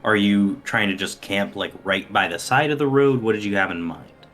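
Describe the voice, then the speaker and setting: Low-voiced man narrating as dungeon master. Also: a bit bright. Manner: unhurried, with frequent ums and uhs. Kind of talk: narrating a tabletop game.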